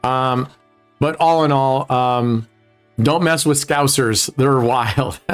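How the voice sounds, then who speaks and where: Joking, profane man, live casino-stream host, low music under him. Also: extremely slow, long pauses. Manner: joking, profane, talks to chat viewers. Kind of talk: casual live-stream chat. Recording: faint music behind.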